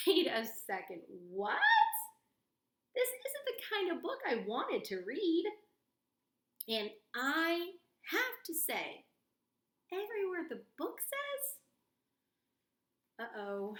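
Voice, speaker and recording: Woman reader for kids' story time, bright, unhurried, goofy and expressive delivery. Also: very high voice, reverberant. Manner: playful, silly, exaggerated reading voice. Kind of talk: reading a picture book aloud to kids.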